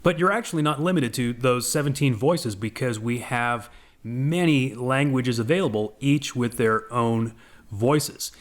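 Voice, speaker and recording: A man walking through a software demo as a voice-over for a screen recording, in a relaxed, conversational way with frequent asides. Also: medium pitch, measured pace. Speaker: software presenter.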